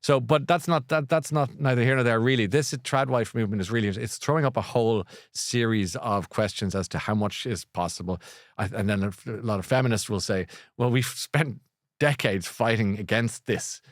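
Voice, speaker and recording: A man's voice: medium pitch, moderate pace, no room sound, clean studio sound. A middle-aged Irish man hosting a podcast, chatting in a rambling way with many restarts and self-corrections. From Ireland. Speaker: podcast host. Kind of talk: casual chat, book recommendation.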